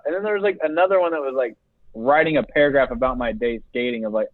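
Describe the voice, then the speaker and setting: A man's voice: medium pitch, quick pace, dry recording. A young man co-hosting a casual podcast, telling rambling stories and laughing as he talks. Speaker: podcast co-host. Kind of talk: casual chat. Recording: dry, tinny phone-like sound.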